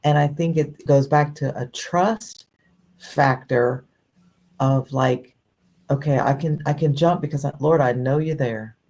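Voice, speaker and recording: A woman with a very deep, gravelly voice muses thoughtfully in a casual faith podcast chat. She talks loosely, with many fillers. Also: a little slow, mellow. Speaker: podcast co-host.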